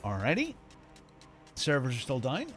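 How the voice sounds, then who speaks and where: A male sim racing streamer chatting live in a mid-pitched voice. He rambles and thinks aloud, trailing off and restarting his sentences. Faint music plays underneath. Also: wildly swooping pitch, unhurried, a bit bright. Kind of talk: casual live-stream chat.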